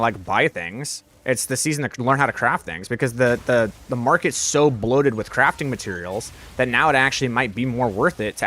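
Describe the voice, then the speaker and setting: A man's voice: mid-range voice, sharp tone. A young man live-streaming a game, chatting casually with his viewers, rambling and swearing often.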